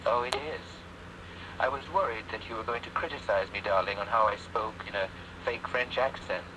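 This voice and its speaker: A man's voice: on the low side, brisk, noisy background. An AI voicing a theatrical British rock-star man. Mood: affectionate. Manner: calls everyone darling, theatrical and fussy. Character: AI chatbot imitating a flamboyant male rock singer. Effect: AI voice from a phone app. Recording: dull lo-fi phone speaker playback.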